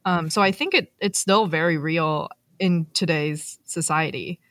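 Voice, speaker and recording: A woman guesting on a podcast, speaking in a measured, thoughtful way. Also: low-pitched, no echo, clean studio sound. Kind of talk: casual podcast chat.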